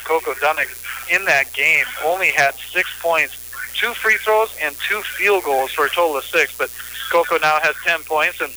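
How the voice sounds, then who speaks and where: A man's voice: a little high, pushed and bright, a little hiss or hum, rough recording. A man announcing a girls' basketball game on local radio. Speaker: play-by-play sports announcer. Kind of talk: local radio sports commentary.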